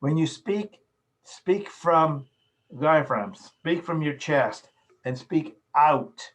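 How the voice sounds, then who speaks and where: A man's voice: on the high side, animated, extremely slow, fairly bright tone, poor audio. A middle-aged man giving a lecture on public speaking and showing vocal techniques as he explains them. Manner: instructive, demonstrates vocal techniques.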